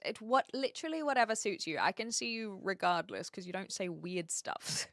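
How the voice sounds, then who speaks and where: Young woman streamer, chatty and giggly, reads chat aloud; lively delivery, dry close mic. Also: mid-range voice, dry recording. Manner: chatty, laughs often, greets viewers by name. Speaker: livestream host. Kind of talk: casual livestream chat, reading viewer comments.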